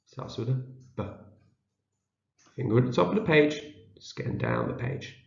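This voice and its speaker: A slow, patient man with a gravelly, mid-range voice and huge pitch swings leads a shared reading for young children. He reads word by word, repeating each one so the learners can echo it back. The home video sounds dull and roomy.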